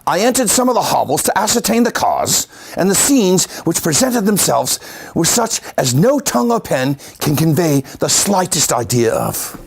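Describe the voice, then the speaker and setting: A man voicing a grim male British magistrate in a put-on Cockney accent, reading slowly and dramatically. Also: fairly high pitch, very animated, gravelly, husky, exaggerated voice. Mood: horrified.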